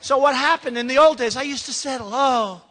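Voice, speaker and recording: Male political candidate, campaign speech, emphatic and repetitive, bright voice, reverberant large hall. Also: extremely high pitch, fast talker. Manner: emphatic and rambling, repeats himself. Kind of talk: campaign speech to a live audience.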